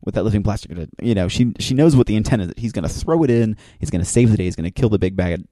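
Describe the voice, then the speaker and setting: A man's voice: on the low side, animated, racing, dark tone, no room sound, studio quality. A man casually recapping a TV episode for his listeners, retelling it with enthusiasm, rambling and restarting as he goes. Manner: enthusiastic storyteller, acts out quoted lines.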